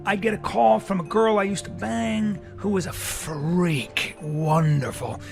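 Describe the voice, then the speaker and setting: A man telling a crude, excitable story on a podcast, acting out the voices of the people in it. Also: high voice, unhurried, vocal fry, music in the background.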